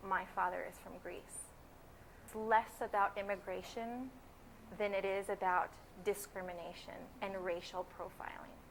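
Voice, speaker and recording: Young woman, twenties, from california, interview answers, earnest and opinionated, mid-pitched voice, faint background hiss. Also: fairly even intonation, normal speed, vocal fry, poor audio. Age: 20s. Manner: earnest and opinionated, building emphasis. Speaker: graduate student interviewee.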